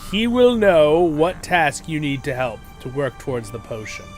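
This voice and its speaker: A man's voice: on the high side, big pitch swings, moderate pace, over music. A man voicing an earnest quest-giver, reading formal quest lines in a solemn tone.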